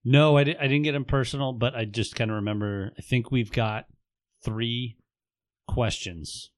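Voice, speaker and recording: A man's voice: medium pitch, fairly even intonation, normal speed, no echo. Teasing man hosting a sports podcast. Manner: teasing, prompts others. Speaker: podcast host. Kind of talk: casual sports chat.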